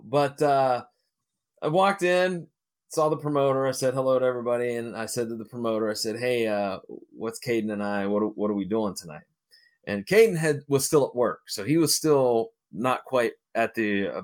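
A man's voice: mid-range voice, moderate pace. Rambling middle-aged man telling wrestling stories. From Ohio, United States. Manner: rambling anecdotal, frequent fillers and restarts. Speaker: interview guest, wrestling manager and promoter. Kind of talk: casual storytelling interview.

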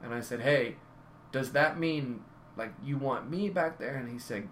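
A man's voice: mid-range voice, unhurried, a bit bright, a little hiss or hum. A man telling rambling wrestling stories in casual conversation, often correcting himself. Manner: rambling, self-correcting anecdotes. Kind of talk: casual storytelling.

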